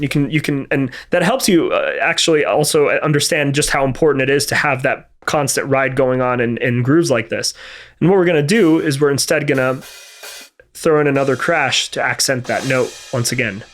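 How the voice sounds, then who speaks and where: A man's voice: medium pitch, a bit bright. A man teaching MIDI drum programming in a methodical, think-aloud way, with frequent fillers and restarts. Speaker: music production instructor. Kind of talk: screen-recorded tutorial. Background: drum and music playback between remarks.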